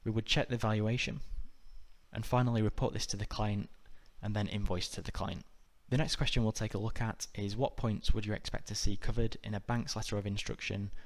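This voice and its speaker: A man narrating a scripted exam-prep lesson in a measured, methodical way. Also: fairly low pitch. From United Kingdom. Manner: measured, even, methodical delivery. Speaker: exam tutor.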